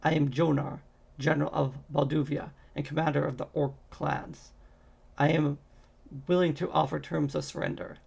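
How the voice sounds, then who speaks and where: Man doing a stern army general, barking clipped orders, gravelly, husky, flat delivery. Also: a little high, moderate pace, full character voice. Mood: commanding. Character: stern male orc-army general, commanding.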